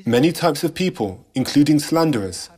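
A man reading a scripted sermon narration in a measured, solemn way, posing rhetorical questions. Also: fairly high pitch, lively intonation, darkish tone. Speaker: church narrator.

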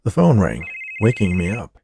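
A man narrating a first-person story in a dry, deadpan way, with a husky, gravelly voice. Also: low-pitched, normal speed, background noise.

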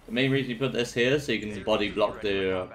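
A man's voice: fairly low pitch, fairly quick, a bit bright. A young man streaming from home, chatting casually as he plays, laid-back and jokey with plenty of swearing. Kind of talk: casual live-stream commentary.

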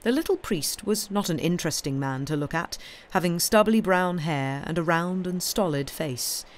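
A woman reading a classic detective story aloud in a steady storytelling voice. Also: lowish voice, normal speed. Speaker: reader.

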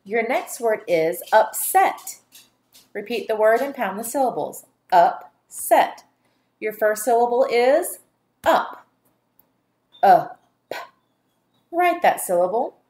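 Woman, teacher, phonics dictation lesson, unhurried delivery, sounds out syllables. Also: a little high, lively intonation, darkish tone. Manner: slow, deliberate, segments sounds for young learners.

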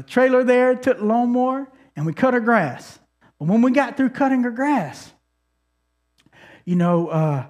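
High-voiced man preaching a story-led sermon. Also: a little mellow. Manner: conversational storytelling with frequent restarts; calls for congregation responses. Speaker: pastor.

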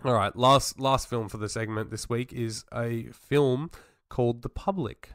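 A man's voice: mid-range voice, fairly even intonation, a little slow, a bit bright, no echo, clean studio sound. A man co-hosting a casual podcast chat, swearing often and teasing his co-host.

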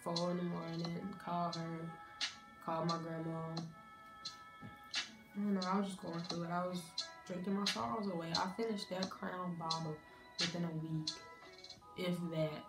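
A young woman tells a college story in a relaxed, candid way, slipping into her family's voices now and then. Her voice sits a little low. The room is echoey, and music plays behind her. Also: a little slow, pauses often. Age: young adult. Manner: candid, conversational, acts out family dialogue. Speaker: college student vlogger. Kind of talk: casual storytime.

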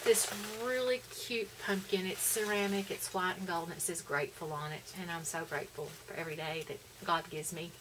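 A woman's voice: on the low side, fairly even intonation, brisk, hardly any pauses, very noisy. A middle-aged woman, chatting casually and rambling through a shopping haul at home. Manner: chatty, rambling, many fillers. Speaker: vlogger.

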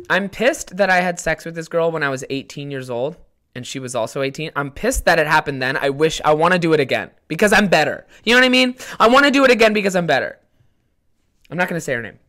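Here a young podcast host, his voice a little bright and pitched on the high side, tells a meandering party story from his home setup. It's profane and self-deprecating: frequent cursing, laughter at his own expense, and side detours before he returns to the thread.

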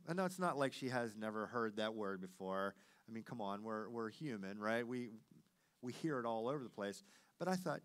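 Animated middle-aged man preaching. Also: on the low side, normal speed. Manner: animated storytelling, swings between loud and hushed. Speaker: pastor. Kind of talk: sermon.

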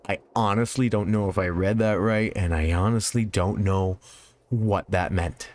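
A man's voice: on the low side, steady tone, normal speed, darkish tone. A man casually commenting while playing a game, joking, laughing often and swearing freely. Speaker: let's play host.

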